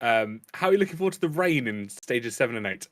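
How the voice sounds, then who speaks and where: A man's voice: medium pitch, sing-song, fast talker. A man commentating live on a sim racing stream, chatty and bantering with the guest. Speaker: race commentator.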